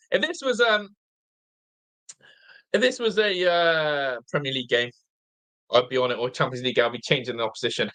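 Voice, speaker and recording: Tired English man hosting a fan watch-along, bright, slightly higher voice, loose chatty delivery, reads out viewer comments. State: tired, half asleep.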